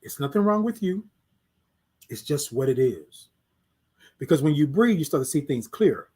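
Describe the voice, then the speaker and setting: Casting note: male host with a high voice, motivational morning livestream, repetitive and preachy. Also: very animated, moderate pace, slightly rough. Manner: reads out viewer comments, preachy and repetitive; swings between soft hushed words and loud emphatic bursts.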